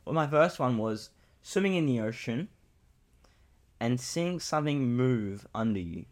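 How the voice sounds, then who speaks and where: A young man co-hosts a casual podcast and tells a story with plenty of energy. He rambles, restarts and leans on fillers. His voice sits at an ordinary middle pitch. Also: a little slow. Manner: animated, rambling, many "like"s. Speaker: podcast co-host.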